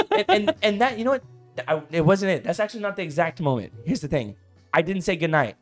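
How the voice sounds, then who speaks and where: A man's voice: high voice, fairly quick, soft background music. Fired-up man telling a story. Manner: animated storytelling, says "bro" often; gets loud and worked up telling a grievance. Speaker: podcast co-host. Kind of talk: casual podcast chat.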